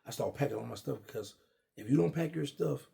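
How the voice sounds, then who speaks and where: A middle-aged man casually telling a long personal story, animated and acting out what others said. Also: mid-range voice, a little fast, gravelly. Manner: animated, acts out quoted dialogue. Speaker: guest storyteller.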